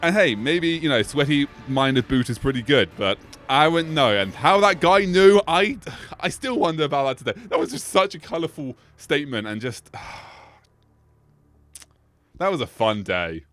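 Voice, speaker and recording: A man hosting an anime explainer video, ad-libbing off his script, going on tangents and laughing as he talks. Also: measured pace. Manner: tangent-prone, laughs often, animated swings in pitch. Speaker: anime video essay host. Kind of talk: rambling, ad-libbed commentary.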